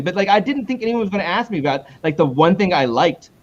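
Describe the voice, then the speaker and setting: A man talks casually as a guest in an interview, rambling and cutting himself off as he works his way back to his point. His voice sits a little high for a man, and the recording sounds muffled and lo-fi. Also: lively intonation, a little hiss or hum. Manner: rambling, self-interrupting, with quick pitch jumps when retelling. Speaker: comic book creator, guest.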